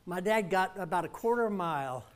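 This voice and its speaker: A high-voiced male preacher delivering a storytelling sermon in a church. He speaks with emphasis and calls the congregation to repeat his words back. His voice sits well above the usual male range. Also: animated, normal speed.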